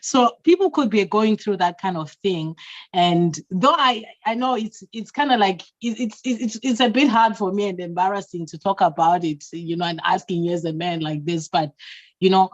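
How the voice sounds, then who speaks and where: A woman's voice: mid-range voice, normal speed, no room sound, muffled recording. A woman hosting an interview, giggling often and murmuring agreement. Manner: giggly, with frequent affirming murmurs. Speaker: host. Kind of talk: interview chat.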